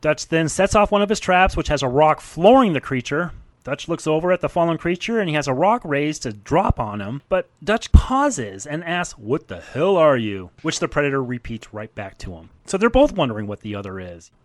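A man's voice: on the high side, big pitch swings, fairly quick, no echo. A man recapping a film's scenes in casual chat, narrating events and laughing as he goes. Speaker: podcast co-host recapping a film.

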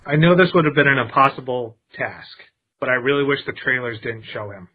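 A man's voice: medium pitch, fairly quick. A man co-hosting a podcast, recapping a film's plot in a wry, casual way with jokey asides. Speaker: podcast co-host. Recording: husky voice over a tinny phone-like line.

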